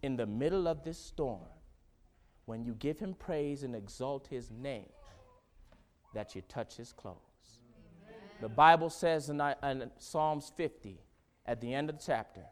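A man preaching a sermon, swinging from hushed, low lines to loud, fervent exhortation. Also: animated, measured pace.

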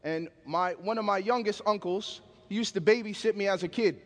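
A man's voice: high-pitched, normal speed, in a large hall. A man preaching a sermon, telling stories with emphatic call-and-response.

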